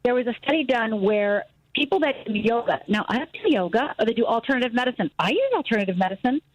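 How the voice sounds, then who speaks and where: A middle-aged woman with a fairly high voice, a radio guest telling her own story with lots of animation and small acted-out voices. She is recorded dry and close on a studio mic. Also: quick pace, dry recording, muffled recording. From Upper Michigan, US. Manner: animated storyteller, acts out voices, laughs easily. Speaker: guest, fear expert. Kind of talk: radio interview, personal story.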